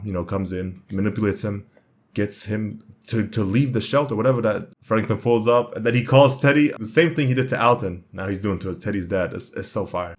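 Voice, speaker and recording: A young man reviews a TV series in a casual, rambling way, full of slang and excitement. His voice sits a little low. He talks very fast and piles one thought on the next.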